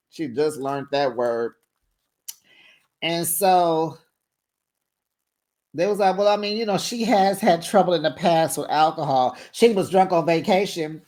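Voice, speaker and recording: A woman's voice: fairly low pitch, a little mellow. Sassy, gossipy woman recapping reality TV. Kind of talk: casual chatty recap commentary.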